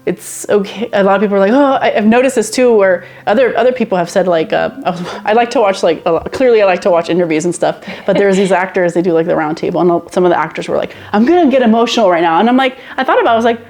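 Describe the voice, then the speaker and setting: A woman hosting a casual podcast chat, animated, laughing often and repeating phrases. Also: mid-range voice, fast, few pauses. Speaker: podcast host.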